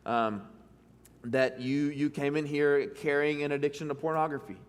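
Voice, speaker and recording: A man's voice: fairly high pitch, steady tone, normal speed. A young man with a Texan accent preaching a sermon in a church, chatty and self-deprecating, full of ums and restarts. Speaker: pastor. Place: church hall. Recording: long reverb of a church hall.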